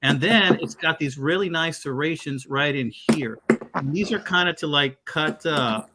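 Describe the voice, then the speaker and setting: A man's voice: on the high side, moderate pace, heavy background noise. Laid-back Texan man showing knives. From Texas. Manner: laid-back, rambling with fillers. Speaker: knife channel guest. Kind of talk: casual live-stream chat. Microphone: video call.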